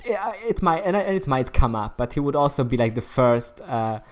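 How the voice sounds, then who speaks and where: A podcast co-host making dry, deadpan quips in casual chat. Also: mid-range voice, normal speed.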